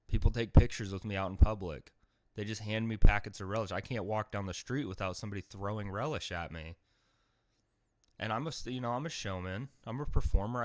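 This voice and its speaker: A man hosting a podcast, telling a comedic monologue with a deadpan delivery that breaks into sudden loud outbursts. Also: fairly low pitch, no echo, clean studio sound. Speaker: podcast host.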